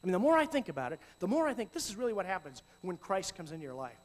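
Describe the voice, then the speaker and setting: A middle-aged man giving a talk on youth ministry, swinging from hushed, slow passages to loud, animated storytelling. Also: high voice. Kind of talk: conference talk. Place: large hall with audience. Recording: long hall reverb.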